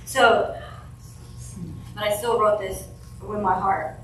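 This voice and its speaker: A woman's voice: mid-range voice, level tone, distant mic, a little hiss or hum. Emotional woman giving a eulogy in an echoey hall. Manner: emotional, halting, with restarts and soft laughs. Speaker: family member giving a eulogy. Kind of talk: eulogy read from notes. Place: funeral home chapel.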